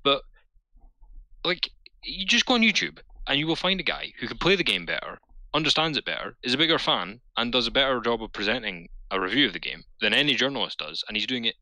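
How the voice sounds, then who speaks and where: A man co-hosting a podcast, talking in a casual, animated and sweary way. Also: medium pitch, fast talker, dry recording, rough recording. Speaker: podcast co-host. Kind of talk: casual chat.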